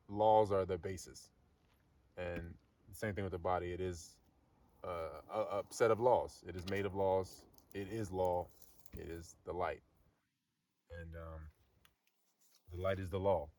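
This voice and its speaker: A man with a low voice rambles thoughtfully, full of fillers and restarts, his sentences fading off softly. He sits some way back from the microphone, so the sound sits a little distant. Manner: halting, many fillers and restarts, trails off softly. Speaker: Latin lesson co-host. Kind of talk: rambling philosophical talk.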